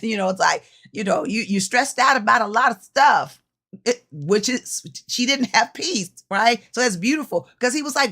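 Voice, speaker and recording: A woman coach giving a casual devotional teaching, chatty and lively, often repeating phrases for emphasis and speaking straight to her listeners. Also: mid-range voice, moderate pace. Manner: chatty, addresses listeners directly. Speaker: women's ministry coach.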